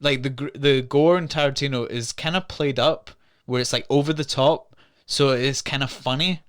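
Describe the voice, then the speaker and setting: A man co-hosting a studio podcast, casually retelling a film's plot in an animated way and acting out characters' lines. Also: medium pitch, moderate pace, clear, resonant tone. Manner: animated retelling, acts out quotes in put-on voices. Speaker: podcast co-host. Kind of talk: casual film review chat.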